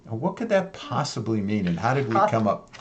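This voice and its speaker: A man's voice: medium pitch, sing-song, moderate pace, highs cut off. A man co-hosting a casual talk show, upbeat and jokey, with many fillers. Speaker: co-host. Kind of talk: casual chat.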